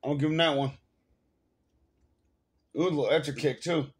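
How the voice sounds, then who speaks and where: A man's voice: on the high side, fairly even intonation, normal speed, breathy edge. A man with a New York accent ranting casually to the camera at home, profane and rambling, full of fillers. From Bronx, New York. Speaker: vlogger.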